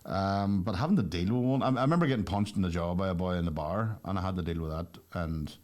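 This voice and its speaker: A man's voice: sits low, fast. A man in his twenties, a podcast co-host telling stories in casual chat with lots of swearing. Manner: animated storyteller, heavy swearing.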